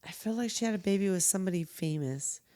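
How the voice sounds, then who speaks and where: A woman's voice: mid-range voice, expressive, fast, dark tone. A woman co-hosting a podcast, recapping a film in casual chat, chatty and cursing, acting out bits of dialogue. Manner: chatty, swears, acts out lines from scenes. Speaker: podcast co-host.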